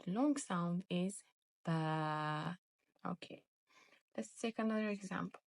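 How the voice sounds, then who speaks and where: A woman's voice: mid-range voice, moderate pace, creaky, a little mellow, no echo. A woman teaching beginners to read, explaining step by step and repeating each sound twice. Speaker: Arabic teacher. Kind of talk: slow step-by-step reading lesson.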